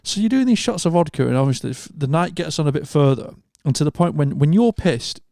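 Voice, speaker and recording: Gravelly man telling stories. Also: a little high, brisk, no room sound, studio quality. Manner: animated storyteller, swears freely, acts out quotes. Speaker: podcast co-host. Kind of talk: casual chat, anecdote telling.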